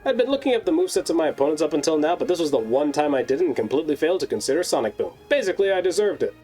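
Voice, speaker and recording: Fast, animated man narrating a game recap. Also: on the high side. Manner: sarcastic, wry asides. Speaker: video host. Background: faint background music.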